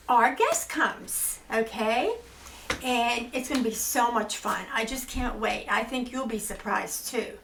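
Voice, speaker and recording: An older woman hosting a children's storytime show, talking to puppets in a gushing, animated way. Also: high voice, echoey room, slight background noise, low-quality recording. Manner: gushing, sing-song and animated. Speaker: storytelling host.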